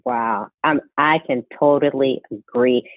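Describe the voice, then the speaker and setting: A woman's voice: a bass voice, steady tone, a little slow, no room sound. A woman in her forties hosting a podcast interview, affirming her guest often. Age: 40s. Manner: warm affirming listener, frequent mm-hmms. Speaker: podcast host. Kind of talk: conversational interview. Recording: dry tinny phone-line sound.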